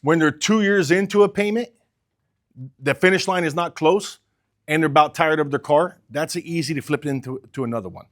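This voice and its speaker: A man's voice: on the high side, moderate pace. A man coaching car salespeople, talking with energy and urgency and acting out sales calls. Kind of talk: sales training talk.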